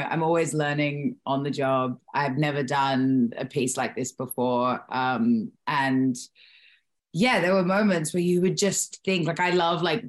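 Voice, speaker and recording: Young actress, low-pitched, chatty and expressive in an interview. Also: female voice. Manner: animated storyteller, acts out quotes. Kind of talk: casual interview chat.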